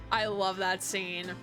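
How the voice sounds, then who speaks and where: A woman streaming a game, giggling, swearing freely and voicing characters in playful commentary. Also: mid-range voice.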